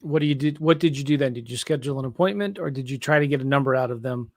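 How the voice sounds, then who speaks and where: A man's voice: mid-range voice, rapid-fire, no echo. A man hosting an interview who asks short follow-up questions and prompts his guest to go on. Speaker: podcast host.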